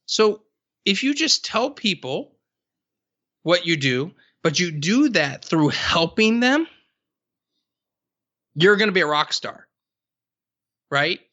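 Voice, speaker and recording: A man talking casually on a podcast, telling stories with emphatic, drawn-out stresses. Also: high voice, very animated, sharp tone, no echo, lo-fi sound.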